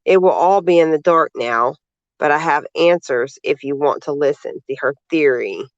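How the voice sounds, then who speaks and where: A man's voice: fairly high pitch, moderate pace, dry recording, dull audio. A man reading social media posts aloud and commenting on them in a sarcastic, indignant manner. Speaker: vlogger.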